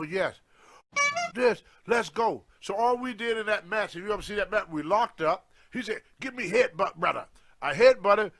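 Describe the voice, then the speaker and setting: An older man, telling a wrestling story casually and acting out the lines of the people in it. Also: sits high. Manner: animated anecdote, acting out quoted lines. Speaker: guest storyteller on a wrestling show.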